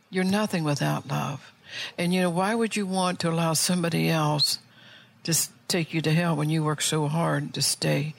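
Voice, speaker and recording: A woman's voice: deep voice, vocal fry. A middle-aged woman pastor preaching earnestly, asking her listeners rhetorical questions. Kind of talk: sermon.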